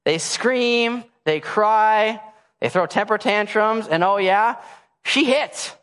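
A man's voice: sits high, slow pace, fairly bright tone, clean tone. Man preaching in a reverberant hall. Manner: storytelling, playful and self-mocking; acts out a baby's and a toddler's demands. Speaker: pastor. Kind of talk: sermon. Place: church hall before a congregation. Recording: long church hall reverb.

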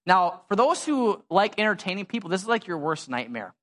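Man preaching a casual, animated sermon. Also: high-pitched, fairly quick. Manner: conversational, animated, slangy preaching. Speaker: pastor. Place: church.

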